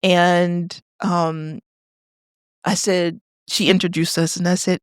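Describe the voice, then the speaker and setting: A woman from Detroit tells a family story as a podcast guest, animated and chatty, laughing often. Her voice sits fairly low. The studio sound is dry and close-miked. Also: slow pace, smooth, no room sound. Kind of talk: conversational storytelling.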